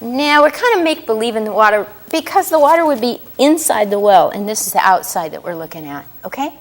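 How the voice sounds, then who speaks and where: A woman reading a picture book aloud to young children as storyteller, asking them questions as she goes. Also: on the high side. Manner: animated, asks children questions often; drawn-out sing-song rhyming delivery.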